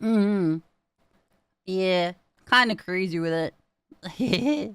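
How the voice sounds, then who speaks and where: A woman's voice: fairly high pitch, a little slow, fairly bright tone, smooth, no echo. A young woman streaming, chatting casually with her viewers, giggling often and swearing freely. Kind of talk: casual chat.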